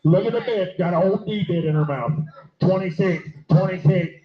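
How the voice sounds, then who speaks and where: An older man auctioning horses, rattling off bids in a rapid rhythmic chant with a folksy drawl. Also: sits high. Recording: echoey dull live-stream audio.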